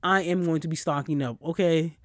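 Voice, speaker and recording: A man's voice: a little high, brisk, no echo, studio quality. A man hosting a casual solo podcast, ranting and telling stories with lots of swearing while he gets over a cold. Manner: profane, animated storyteller. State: recovering from a cold. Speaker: podcast host.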